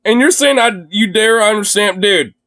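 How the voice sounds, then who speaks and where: A man livestreaming his reactions from a phone, excitable and profane, laughing often. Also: sits high, moderate pace. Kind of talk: live reaction stream.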